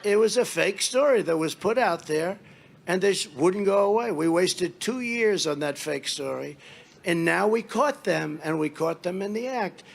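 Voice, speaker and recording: Gravelly, high-pitched man giving a rally speech. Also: lively intonation, normal speed. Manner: rambling, mocking storytelling with acted-out dialogue. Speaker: political speaker at a rally.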